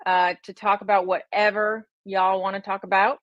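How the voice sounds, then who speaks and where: A woman's voice: mid-range voice, little pitch movement, moderate pace, dry recording, highs cut off. A middle-aged woman, a health and wellness coach, chatting casually on a livestream with a slight Southern American twist, rambling and self-deprecating with many fillers. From United States.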